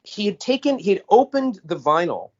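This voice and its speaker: A man's voice: high voice, moderate pace. An American man and podcast co-host, telling stories in a casual chat and acting out quoted lines. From United States. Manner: animated storyteller, acts out quoted voices. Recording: dull lo-fi audio.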